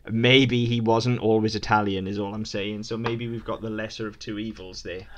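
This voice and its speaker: A man co-hosting a podcast, talking quickly in casual chat with many ums and restarts. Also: lowish voice, steady tone, fairly bright tone. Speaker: podcast co-host.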